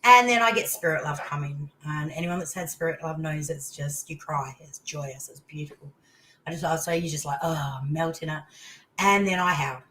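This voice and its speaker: Older woman, australian accent, lowish voice, casual interview chat, animated storytelling, faint background noise. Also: moderate pace, poor audio. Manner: animated storytelling, voice leaping into exclamations. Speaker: guest.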